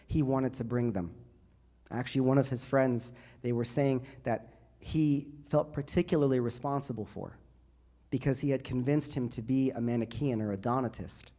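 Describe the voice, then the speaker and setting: A man who is a priest, giving a sermon to a youth group in a church and building to loud, rising emphasis through repeated phrases. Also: medium pitch.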